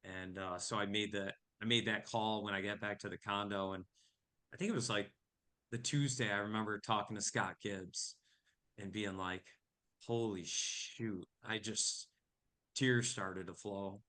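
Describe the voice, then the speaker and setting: A middle-aged man from New York tells a story in a casual chat. His tone is bright and forceful, and he sits fairly low in pitch. He acts out every exchange he recounts. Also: moderate pace. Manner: animated storyteller, acts out quoted dialogue. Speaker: family business owner, podcast guest.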